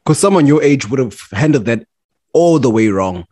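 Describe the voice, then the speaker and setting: A man's voice: mid-range voice, lively intonation, normal speed, dark tone. A man bantering on a podcast, chiming in and mocking the people he quotes. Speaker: podcast co-host. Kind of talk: casual banter.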